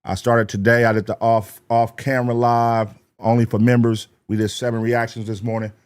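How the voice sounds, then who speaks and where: A young man hosts a live reaction stream in a mid-pitched voice. He talks loosely and profanely, laughs easily and runs through shout-outs to his chat. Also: little pitch movement, moderate pace, clean tone.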